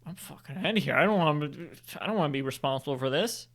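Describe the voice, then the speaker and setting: A man's voice: a little high, animated, quick pace, vocal fry, a bit bright, exaggerated voice. A man voicing a startled, flustered forty-year-old man within a spoken story. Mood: panicked.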